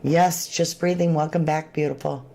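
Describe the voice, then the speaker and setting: A woman with a drawl hosts a true crime livestream, greeting viewers and reacting to their comments. Her voice sits a little low, and she speaks loosely, with plenty of slang. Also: normal speed, creaky. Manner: chatty, animated, Southern-tinged slang. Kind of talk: casual livestream chat reading viewer comments.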